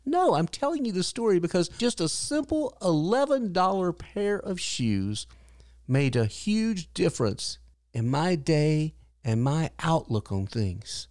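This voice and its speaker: A man's voice: a little high, animated, measured pace, darkish tone, no room sound. Older male podcast host, earnest storyteller, dry close sound. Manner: earnest, acts out quotes in a raised voice. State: widowed, grieving but hopeful. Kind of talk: personal storytelling monologue.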